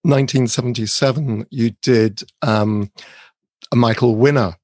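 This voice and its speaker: A man's voice: medium pitch, steady tone, unhurried, darkish tone, dry recording. A man hosting an interview, asking polite, slightly tentative questions. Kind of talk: conversational interview.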